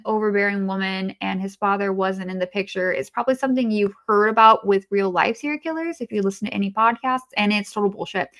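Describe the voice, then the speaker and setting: A woman hosting an opinionated video essay who talks bluntly and sarcastically in an informal way. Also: medium pitch.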